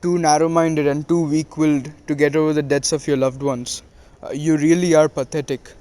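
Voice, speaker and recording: A man's voice: fairly high pitch, flat delivery, moderate pace, dark tone, clear, resonant tone, close to an everyday voice. A man doing a cool, cutting young ninja. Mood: scornful. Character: calm, cocky young male ninja.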